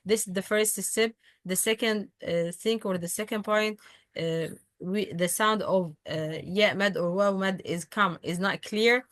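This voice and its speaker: A woman whose first language is Arabic teaching a recitation lesson, patient, slowly repeating example words with frequent hesitations. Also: medium pitch, fairly bright tone, no room sound. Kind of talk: online tajweed lesson.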